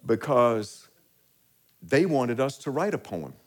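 A male pastor preaching a sermon, laughing often and reading scripture slowly and deliberately. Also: medium pitch, very animated.

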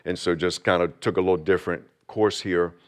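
A man pastor giving a sermon, moving from quiet talk and prayer into slow, emphatic, rising preaching. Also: low-pitched, fairly even intonation. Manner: builds from quiet intro to fervent preaching, slow emphatic phrases; prays aloud.

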